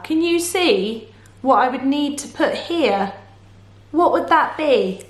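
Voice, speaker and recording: A woman teaching phonics to young children in a slow, encouraging, sing-song manner, asking lots of questions. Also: sits high, lively intonation, reverberant. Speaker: primary school teacher.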